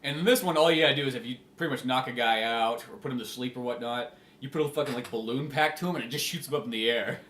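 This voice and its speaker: Fast-talking man in an echoey room. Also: medium pitch, a bit bright, slight background noise. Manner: rambling, profane, lots of fillers. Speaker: podcast co-host. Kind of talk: casual chat.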